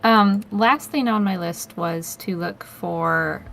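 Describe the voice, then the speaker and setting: A woman playing in an online tabletop game, relaxed and hesitant, with fillers. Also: on the low side, takes it slowly, creaky, a little hiss or hum. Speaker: player. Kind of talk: casual tabletop game chat.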